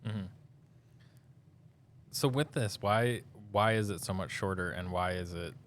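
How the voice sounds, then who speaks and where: A man's voice: low voice, a little slow, fairly bright tone, a little hiss or hum. A man co-hosting a podcast in casual chat, asking questions and steering the talk. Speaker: podcast co-host.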